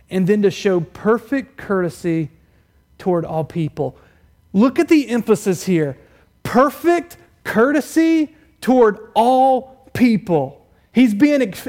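A man preaching a sermon in a church, firing rhetorical questions at the congregation, swinging between loud, raised emphasis and quiet, low appeals. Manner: asks the congregation many direct rhetorical questions; rises loud and high for emphasis, drops quiet and low to press a point. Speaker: pastor.

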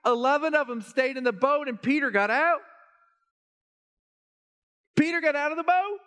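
Animated pastor preaching in a big hall. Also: male voice, moderate pace. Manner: animated, rising to high excited emphasis. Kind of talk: sermon.

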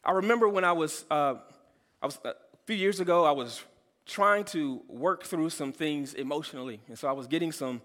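A man's voice: on the high side, moderate pace, a bit bright. A man preaching a sermon, telling a personal story earnestly and often restarting his sentences. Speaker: pastor. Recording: long hall reverb.

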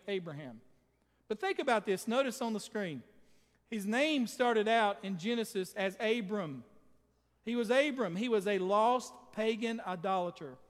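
High-voiced preacher in a reverberant hall. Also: male voice. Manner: emphatic, addresses the congregation directly. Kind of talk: sermon.

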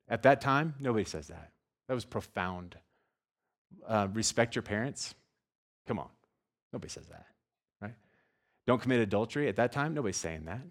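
A man preaching a sermon, reading scripture and explaining it in a jokey, animated way, sometimes acting out scenes with loud shouts. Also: fairly low pitch. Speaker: pastor.

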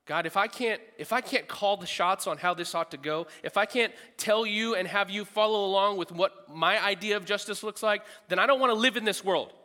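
Man playing angry complaining prophet, bright tense voice, long hall reverb. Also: high voice, expressive, fairly quick, hardly any pauses, pitched above the performer's own voice. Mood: exasperated. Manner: exasperated, complaining. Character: frustrated angry prophet man pleading with God.

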